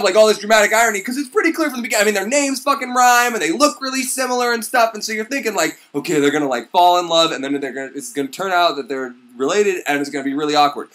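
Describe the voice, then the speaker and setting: A young man retelling a myth as crude, rambling comedy, bursting into excited shouts. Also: high voice, quick pace, few pauses. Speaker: comedic storyteller.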